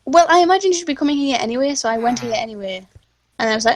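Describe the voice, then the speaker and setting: A woman's voice: on the high side, very fast. Dry, teasing woman fellow player. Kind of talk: casual gaming chat.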